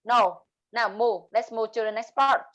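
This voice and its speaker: A woman with a Vietnamese accent teaching an English speaking class, explaining terms and slowly modeling example sentences. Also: fairly high pitch, steady tone, fairly bright tone, low-quality recording. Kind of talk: online class lesson.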